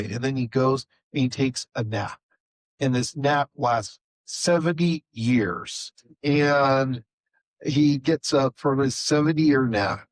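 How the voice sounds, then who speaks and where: A man on a conference panel with a somewhat husky voice, retelling a story in a halting but lively way, full of ums and restarts. His voice is recorded close and dry. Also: mid-range voice, no room sound, rough recording. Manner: halting, animated storyteller with many fillers. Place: conference session room.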